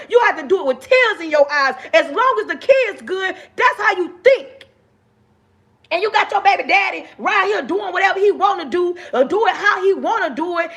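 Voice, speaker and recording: A woman's voice: extremely high pitch, bright, forceful tone. A woman streaming live, delivering a passionate, preachy rant, calling her listeners baby and raising her voice. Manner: raises her voice, talks with her hands.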